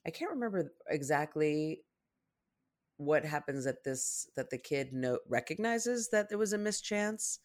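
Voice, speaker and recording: Casting note: wry, calm co-host reading listener posts, mid pitch. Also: unhurried. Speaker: podcast co-host. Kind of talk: casual chat.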